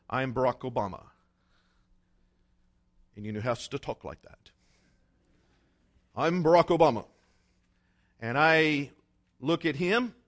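A male pastor preaching a sermon, emphatic, with dramatic pauses and acted-out quotes. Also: a little high, sharp tone.

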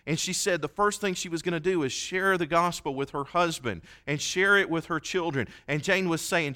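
Bright-voiced preacher. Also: male voice, fairly high pitch, normal speed, few pauses. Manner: folksy storytelling preacher, earnest. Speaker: pastor. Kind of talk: sermon. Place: church.

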